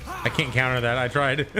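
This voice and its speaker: A man streaming a video game live, chatting with viewers and bursting into shouts at enemies, laughing often. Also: medium pitch. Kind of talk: live gameplay commentary. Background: game music and sound.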